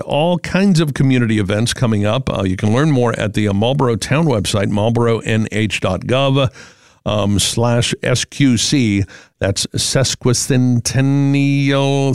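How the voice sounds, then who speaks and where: A man's voice: medium pitch, no room sound, studio quality. A middle-aged man with a New England accent hosting a radio show, chatting in a rambling way with many fillers. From Massachusetts. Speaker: radio host. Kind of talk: casual talk radio.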